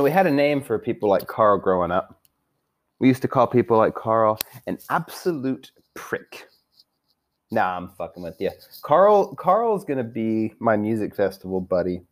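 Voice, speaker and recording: Young man, profane rant, crude trash talk, swinging lively pitch, casual. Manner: crude, trash-talking, rambling, swears constantly. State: drinking. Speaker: fantasy football league member recapping the season.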